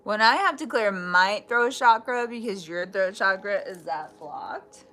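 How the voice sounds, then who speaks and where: A woman's voice: mid-range voice, lively intonation, a little slow, bright, forceful tone. Chatty woman doing a tarot reading. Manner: chatty, swears freely, laughs often; restarts and trailing thoughts. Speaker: tarot reader. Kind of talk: casual live tarot reading.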